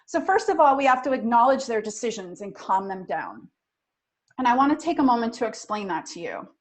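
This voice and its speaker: A middle-aged woman runs a training session for front office staff. She talks in a direct, energetic coaching tone, and her voice sits a little high. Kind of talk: training talk.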